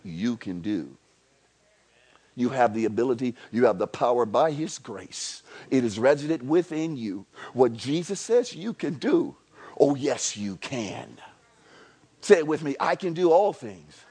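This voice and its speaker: A man preaching a sermon at a church service. He leads the congregation in call-and-response, swinging from quiet, low lines to loud shouts. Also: breathy edge. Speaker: pastor.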